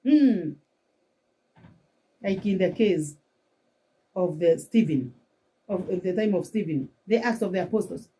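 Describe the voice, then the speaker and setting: A woman pastor with a Kenyan accent delivering a fervent sermon, switching between English and local languages and rising to shouts for emphasis. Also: fairly low pitch, expressive, measured pace, pauses often, slightly rough, recorded from a distance.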